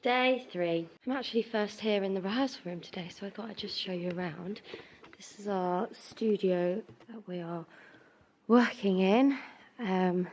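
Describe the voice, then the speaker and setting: A woman's voice: mid-range voice, measured pace, a little mellow. A young woman from the UK chatting casually in a vlog about musical rehearsals, bubbly and filled with "like", sounding a little bunged up and tired. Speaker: vlogger, musical theatre performer.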